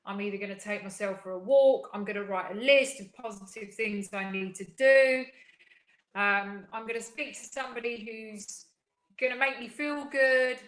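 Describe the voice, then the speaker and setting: A woman's voice: medium pitch, moderate pace, a bit bright, roomy sound. A woman co-hosting a casual live wellbeing show, upbeat and earnest, talking in long flowing runs. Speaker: co-host of a spiritual wellbeing show.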